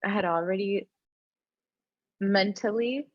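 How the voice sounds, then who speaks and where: A young woman telling the story of her life in casual talk, animated, with a lot of "like", and she acts out the other people. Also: mid-range voice, takes it slowly, no echo, lo-fi sound.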